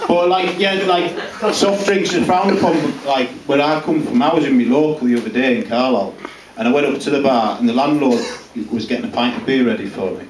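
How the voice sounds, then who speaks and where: A man's voice: medium pitch, fairly quick, natural voice. A man doing a crude Cumbrian farmer comic. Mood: brash. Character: crude, boastful male Cumbrian farmer, rambling and blunt. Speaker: character comedian. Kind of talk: live stand-up character act. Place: small pub comedy room, live audience. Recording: roomy, distant mic, noisy live room.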